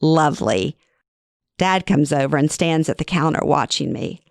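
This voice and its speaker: A woman's voice: sits low, expressive, normal speed, darkish tone, dry recording, studio quality. A middle-aged woman reads her own personal story aloud in a wry, conversational, self-deprecating way. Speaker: author reading her own memoir. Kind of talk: first-person story narration.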